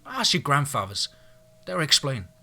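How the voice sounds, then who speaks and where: A man's voice: on the high side, sing-song, a little slow, creaky, pushed and bright, pitched above the performer's own voice, exaggerated voice. A man voicing a proud, defiant young woman in an audiobook, speaking in a firm, lecturing way. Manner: firm, lecturing, slightly exasperated.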